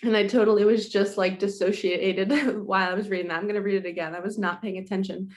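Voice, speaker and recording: A woman in a casual spiritual vlog, pulling cards and talking straight to the people watching. She sounds emotional and close to tears, and keeps up a chatty, heartfelt flow with a medium-pitched voice. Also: steady tone, fast. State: emotional and tearful. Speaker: spiritual coach and host.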